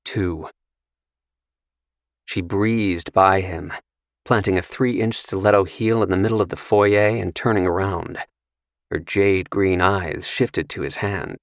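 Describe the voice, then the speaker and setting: A man narrating a crime thriller audiobook in a measured, wry way. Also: low voice, no room sound, studio quality.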